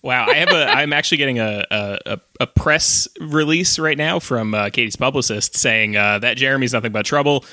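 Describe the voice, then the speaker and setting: A man's voice: medium pitch, fairly quick, few pauses, sharp tone, dry recording. A man hosting a casual comedy podcast, playful and teasing, laughing often. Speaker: podcast host.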